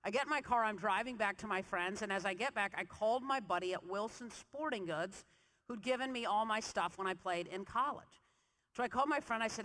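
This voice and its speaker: A woman giving a keynote speech, telling a story in an animated, chatty way and acting out the dialogue, on a large convention stage. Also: medium pitch, fairly quick. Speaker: keynote speaker. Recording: long hall reverb in a large convention hall.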